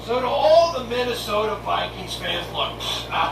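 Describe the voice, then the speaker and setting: A man's voice: high voice, moderate pace, gravelly, hardly any pauses. A brash man, rants sarcastically at rival fans. He sounds far from the mic in a roomy space, and a noisy background runs under him. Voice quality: mocking and brash. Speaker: fan show host. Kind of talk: sarcastic comedic rant. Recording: roomy distant noisy video recording.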